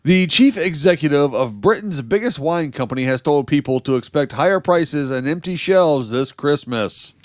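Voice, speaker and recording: A man's voice: on the high side, lively intonation, moderate pace, few pauses, no echo, clean studio sound. A man from the United States co-hosting a comedy podcast, reading news stories aloud and adding sarcastic mock explanations. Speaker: podcast co-host. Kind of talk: casual comedy podcast banter.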